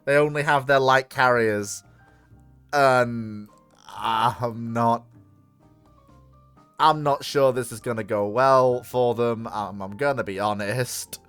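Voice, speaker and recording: This is a streamer talking through a naval strategy game live, drawing the words out slowly. Excitement keeps breaking through in loud exclamations. Faint game music hums along behind the voice. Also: medium pitch, smooth, dry recording.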